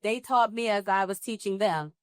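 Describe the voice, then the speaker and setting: A woman from New Jersey, a guest actress telling her story in a live interview, with lively acted-out dialogue. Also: mid-range voice, moderate pace, no room sound, studio quality. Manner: animated, acts out dialogue with laughs and exclamations. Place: live pop-up event at a film festival.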